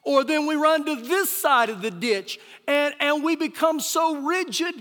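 High-voiced pastor preaching in a hall. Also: male voice, a little slow. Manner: emphatic preaching, rises loud then drops soft. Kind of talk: sermon. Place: church sanctuary. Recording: live church recording with long hall reverb.

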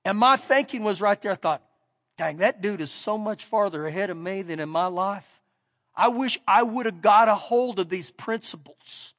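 A middle-aged pastor preaching with a strikingly high voice. He tells a story in a folksy, down-home way, then drives his points home with rising emphasis. His voice rings out with a long reverb through a big church hall. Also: moderate pace, a bit bright. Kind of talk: sermon.

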